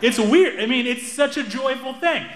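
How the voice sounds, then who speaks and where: A young man doing stand-up, telling a story in an animated, wry, self-amused way. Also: very high voice, normal speed. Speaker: stand-up comedian.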